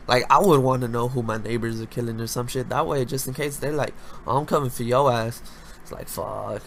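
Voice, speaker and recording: A young man hosting a casual solo podcast, talking loudly with lots of slang and swearing, jumping between high-pitched bursts and low mutters. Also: slight background noise. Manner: loud, animated, slangy, swears freely. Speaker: podcast host.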